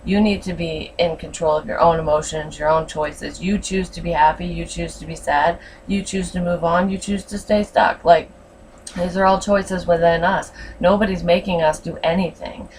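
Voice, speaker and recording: Frank tarot reader, a woman with a lowish voice, a bit off-mic with faint hiss. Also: fairly even intonation, normal speed, a little mellow, distant mic, rough recording. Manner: blunt and frank, swears freely. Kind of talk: casual tarot reading.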